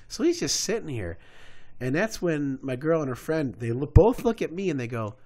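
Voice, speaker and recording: A young man co-hosting a podcast, telling a story among friends in a casual, animated way, acting out quotes and swearing freely. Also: medium pitch, a little fast. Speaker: podcast co-host.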